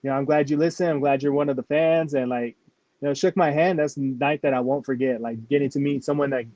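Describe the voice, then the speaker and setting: A man's voice: mid-range voice, fairly even intonation, fast, darkish tone, no echo, lo-fi sound. A man, a rapper from New Mexico, telling stories in a casual interview, filling nearly every phrase with "like". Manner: rambling, fills with "like" constantly.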